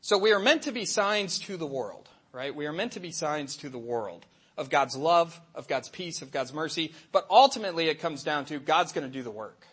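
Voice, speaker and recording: A middle-aged man, a Catholic catechist, giving a lively faith talk to an audience and acting out little voices in his stories. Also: fairly high pitch, normal speed, slightly rough. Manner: animated storytelling, acts out voices and asides.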